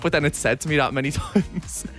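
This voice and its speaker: A young Irish man co-hosting a podcast, chatting in a lively way and laughing often. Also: fairly high pitch, a little fast, soft background music. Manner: lively, laughing, reads sponsor lines. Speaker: podcast co-host. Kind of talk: casual chat.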